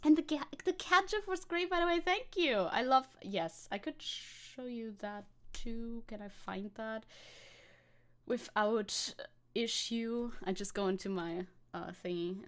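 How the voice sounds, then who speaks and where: A woman's voice: on the high side, unhurried, pushed and bright. A young woman streaming as a VTuber, chatting casually, reacting to chat, swearing and laughing often.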